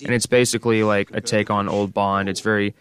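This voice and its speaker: A man with a low voice asks a rambling question in a casual chat, hesitating as he searches for the words. His tone stays relaxed and conversational. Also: fairly quick. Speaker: podcast co-host.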